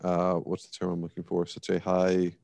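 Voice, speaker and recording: Man, very deep voice, gravelly, blunt casual sports talk, dry sound. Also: monotone, moderate pace, darkish tone, no room sound. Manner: blunt, emphatic, swearing, dry sarcasm. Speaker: podcast co-host.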